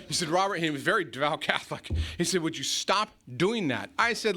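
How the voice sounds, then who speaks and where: American man, blunt storyteller, bright voice, fairly high pitch, faint hiss, live audience. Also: lively intonation, fairly quick, hardly any pauses. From United States. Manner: blunt storyteller acting out heated exchanges. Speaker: recovery meeting speaker. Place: meeting hall with audience. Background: faint audience laughter.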